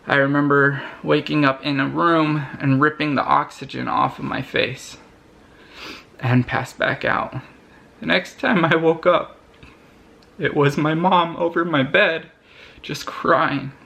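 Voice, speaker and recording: A young man speaks to camera in a personal vlog. His voice sits a little high and has a gravelly fry. He talks earnestly and haltingly, often breaking off and restarting his sentences. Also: steady tone, pushed and bright. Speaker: vlogger.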